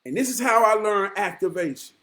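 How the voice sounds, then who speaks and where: Speaking a little fast in a high voice, the forties-aged motivational vlogger swings from hushed murmurs to shouts. His monologue is passionate and full of profanity.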